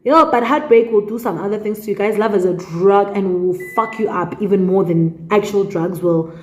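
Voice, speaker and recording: A woman's voice: mid-range voice, fairly quick, echoey room, slight background noise. A young South African woman with a South African accent, telling a personal story in a casual vlog, chatty and full of fillers, slipping into Zulu phrases. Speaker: YouTuber.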